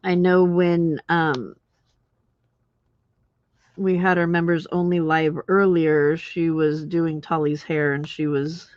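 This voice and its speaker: This woman's voice sits low and darkish, her tone level and her pace slow, recorded dry. Hosting a crafting stream late at night, she's chatty and giggly, responding to viewer comments in the live chat while working on her craft. The sound is muffled and dull, typical lo-fi stream quality.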